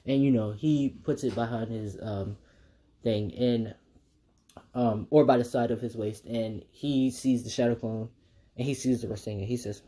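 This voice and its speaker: A man's voice: medium pitch, normal speed, warm tone. A man casually retelling a fan story, rambling with many fillers and restarts.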